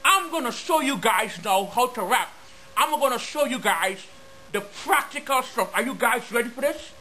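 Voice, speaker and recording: A man's voice: very high-pitched, expressive, moderate pace, sharp tone, slight background noise. A man delivering a mocking, exaggerated comedic rant to his viewers. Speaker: comedy vlogger.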